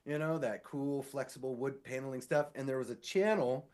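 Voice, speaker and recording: An animated man spins a story in relaxed podcast chat. He keeps slipping into quick impressions of the people he quotes, and his voice sits in a middle pitch. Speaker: podcast co-host; sewer inspector.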